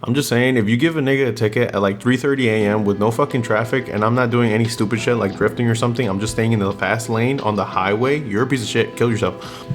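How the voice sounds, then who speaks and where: A man's voice: medium pitch, fast talker. A young man telling stories in a blunt, slangy rant, swearing constantly. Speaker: vlogger. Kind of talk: casual profane rant, storytelling. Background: music.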